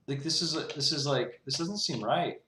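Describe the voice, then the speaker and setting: A man's voice: on the high side, moderate pace, pushed and bright. A young man rambling and exasperated as he talks through his own code in a casual way, leaning on "like" constantly. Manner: exasperated, rambling, heavy use of "like". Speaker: programmer streaming his coding. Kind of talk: casual talk-through while coding. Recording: roomy echo.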